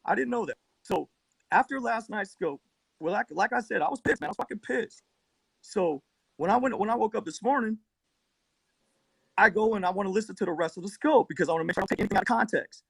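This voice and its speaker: This livestream debater talks fast into his phone, cursing constantly and wandering back through his story as the argument heats up. His fairly high, rough, gravelly voice has breathy edges and a fairly bright tone. It's recorded close and dry.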